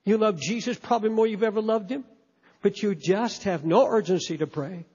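Preacher, male, very high voice, fervent sermon delivery, dull lo-fi hall recording. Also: fairly quick, mellow, slightly rough. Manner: impassioned, emphatic, repeats words. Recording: echoey hall, dull lo-fi sound.

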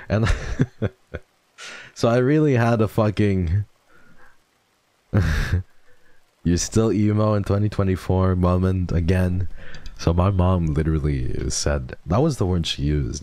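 A young man chatting on a live stream, his low, slow voice full of gravelly fry. He sounds mock-emo and swears freely, mumbling one moment and squealing with excitement the next. The sound is dry and close, with a dark tone. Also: no echo. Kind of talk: casual live-stream chat.

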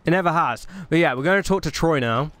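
A man's voice: fairly high pitch, expressive, quick pace, a bit bright. A man giving chatty, self-mocking commentary while playing a video game. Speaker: gaming commentator. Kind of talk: let's play commentary.

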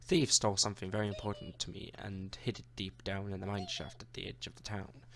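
A man voicing a bargaining male town governor in a video game, reading the character's dialogue in a gruff, haggling way. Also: low voice, fairly even intonation, a little fast, fairly bright tone.

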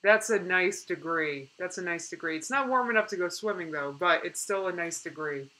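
A young woman chatting casually on a live stream, reading out viewer comments in an animated way and laughing often. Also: on the low side, moderate pace, poor audio.

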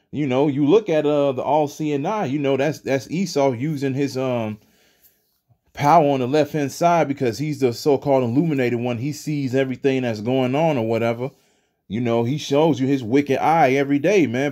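A man's voice: mid-range voice, warm tone. A man giving a loose, conversational religious talk, dropping "man" into nearly every sentence. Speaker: religious commentator. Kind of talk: casual preaching monologue.

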